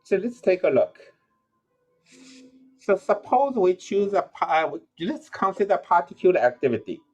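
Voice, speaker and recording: A man's voice: high voice, very animated, moderate pace, darkish tone, lo-fi sound, soft background music. A male university lecturer working through a problem aloud, with many fillers and restarts. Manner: thinking aloud with frequent "uh" and self-corrections. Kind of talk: recorded lecture.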